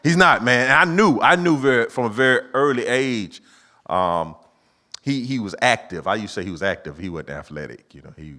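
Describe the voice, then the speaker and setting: A middle-aged man performing stand-up comedy, telling family stories and acting out his own lines in a higher voice. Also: animated, brisk, sharp tone. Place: church auditorium with live audience.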